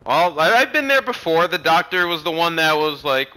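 A young man in casual gaming chat, excitable, swearing constantly and laughing often. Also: fairly high pitch, moderate pace, few pauses, poor audio. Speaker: gamer playing co-op online.

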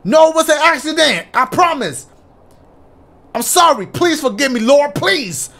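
A remorseful husband begs for forgiveness, as a man reads him aloud in a horror game. The voice sits high and strained, and its pitch swings widely as he pleads. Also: huge pitch swings, takes it slowly, pushed and bright, breathy edge, full character voice. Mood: pleading. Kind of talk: reading game dialogue aloud.

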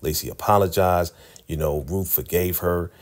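A man's voice: deep voice, fairly even intonation, normal speed. A man casually recapping a TV episode in a chatty, conversational way as a vlogger.

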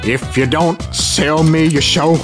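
A man's voice: fairly high pitch, steady tone, slow pace. A young man voicing a pompous, greedy billionaire pig villain in a homemade toy cartoon, with music playing behind. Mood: threatening.

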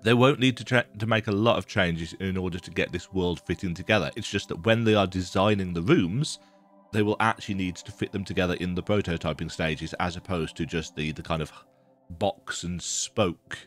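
A man's voice: low voice, moderate pace, faint music behind. A man with a stuffy nose from a cold, rambling through casual reaction commentary on a game trailer and often thinking aloud. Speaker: gaming video creator.

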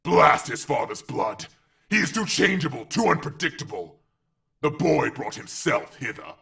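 A man's voice: medium pitch, animated, sharp tone, full character voice. A man voicing an ancient evil male being speaking from a pit, cold, scornful and commanding in an audiobook. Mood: menacing. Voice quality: slow, gravelly, cold and menacing. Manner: drawn-out, commanding delivery. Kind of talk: audiobook character voice.

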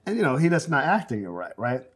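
Brief: 40s male director, mid-pitched, loose storyteller who acts out quotes, lots of ums and you-knows. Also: quick pace, slightly rough. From South Central Los Angeles, USA. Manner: animated storyteller, acts out quotes, many fillers. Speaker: film director interviewee. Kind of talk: oral history interview, anecdotal storytelling.

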